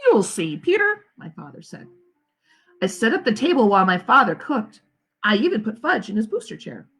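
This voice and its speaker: A woman's voice: mid-range voice, sing-song, fairly quick, pushed and bright, breathy edge. A school principal, a woman, reading a children's book aloud expressively for a live video, with asides to the kids. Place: home, during quarantine. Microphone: phone or laptop for a live video.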